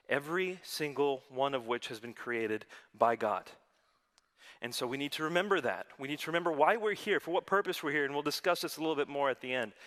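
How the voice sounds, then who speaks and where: Young American male speaker, earnest and lightly funny, with a forceful tone that echoes through a large hall. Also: medium pitch. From United States. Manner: earnest, gently humorous storyteller. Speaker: Christian speaker giving testimony. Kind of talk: public testimony talk with prayer. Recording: long hall reverb.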